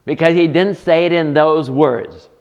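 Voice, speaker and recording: A man's voice: on the high side, steady tone, a little slow, darkish tone. A man teaching a counseling class as instructor, lecturing and asking the room rhetorical questions. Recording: dull lo-fi lecture recording.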